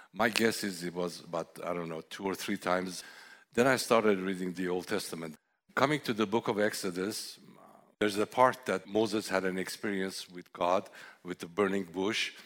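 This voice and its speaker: Low-voiced man preaching a sermon. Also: a bit bright. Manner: earnest, reflective storytelling with scripture readings.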